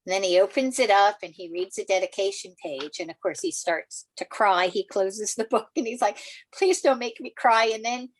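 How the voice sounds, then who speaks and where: An older woman, a children's author, telling stories in an interview, animated and laughing, acting out quotes in a higher voice. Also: moderate pace, few pauses, no echo. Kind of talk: storytelling in a podcast interview.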